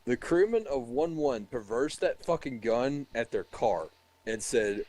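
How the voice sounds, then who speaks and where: A man's voice: mid-range voice, lively intonation, unhurried, darkish tone, no echo, low-quality recording. A young man casually telling a rambling, profane story about a military checkpoint, laughing as he goes. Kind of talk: casual chat.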